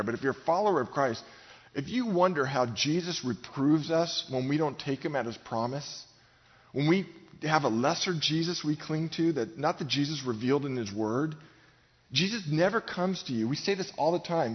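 A middle-aged male pastor preaching a sermon in a large gym, speaking emphatically and directly to his congregation. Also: a little high. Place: large gym used for church services. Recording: long hall reverb, dull sound.

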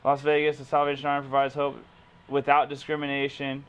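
A man's voice: mid-range voice, completely flat delivery, fairly quick, clear, resonant tone. A young man in casual chat, joking around and reading web pages aloud in a laid-back way. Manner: laid-back, joking, says dude and bro.

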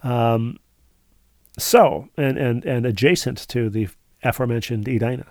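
A man's voice: mid-range voice, measured pace, no room sound, studio quality. Rambling man reading listener mail. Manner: rambling, digressive, full of asides. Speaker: podcast co-host. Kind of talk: casual podcast chat, reading listener emails.

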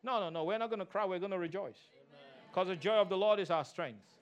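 A man preaching a sermon as pastor, animated, mimicking people and singing snatches of a hymn. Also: high-pitched, a little fast, clean tone. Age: adult.

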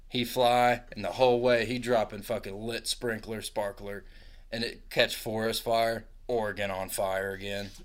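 A man on a podcast improvising a crude comedy story in deliberately broken grammar, laughing along. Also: fairly low pitch, level tone. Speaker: podcast co-host.

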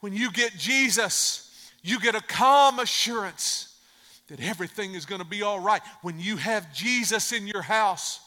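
High, bright-voiced preacher in a reverberant hall. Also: male voice, measured pace. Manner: emphatic, repeats phrases for effect. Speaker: pastor. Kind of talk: sermon with storytelling. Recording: long reverb of a large hall.

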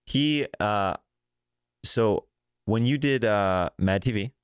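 A man's voice: takes it slowly, fairly bright tone, clear, resonant tone, no room sound. A man hosting a casual chat, telling stories and acting out the quotes. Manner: storytelling, acts out quotes in a high voice.

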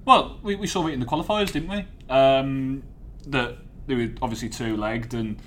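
A man's voice: medium pitch, slight background noise. Easygoing man, co-host. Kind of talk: casual chat.

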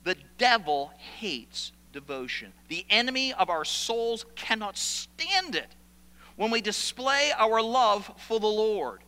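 Bright-voiced preacher in a reverberant hall. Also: male voice, high voice, slow pace, smooth. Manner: animated preaching, repeats phrases for emphasis. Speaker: pastor. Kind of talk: sermon.

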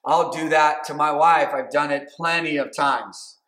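Pastor, male, fairly high voice, conversational sermon, echoey hall sound. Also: fairly even intonation, a little slow, bright, forceful tone. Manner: conversational preaching with many fillers and restarts. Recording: echoey room.

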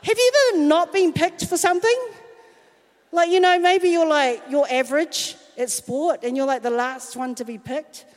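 A woman's voice: high voice, moderate pace. A woman telling a candid, self-mocking personal story in a sermon. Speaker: speaker at a church talk. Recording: long hall reverb.

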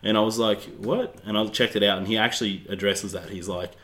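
A man's voice: fairly low pitch, fairly even intonation, quick pace, fairly bright tone. A man co-hosting a podcast, joking and bantering in casual slang. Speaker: podcast co-host.

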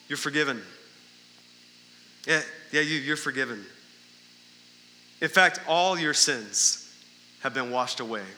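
A male pastor preaches a sermon in a church sanctuary during a service, his high, sharp voice echoing with big-room sound. He talks conversationally, tossing in rhetorical questions and "right?" asides.

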